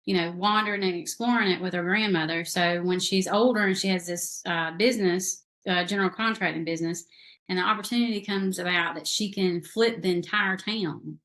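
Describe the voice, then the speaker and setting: A woman's voice: lowish voice, fairly quick, a bit bright. A woman from South Carolina with a Southern accent, a guest author describing her book in chatty, rambling talk with many fillers. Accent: Southern American. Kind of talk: casual interview chat.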